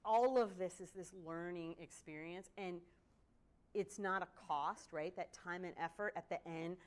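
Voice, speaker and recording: A woman giving a workshop talk, telling stories in an animated way and often asking "right?". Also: on the low side, unhurried. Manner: animated storytelling with frequent "right?". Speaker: guest speaker. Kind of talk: workshop presentation.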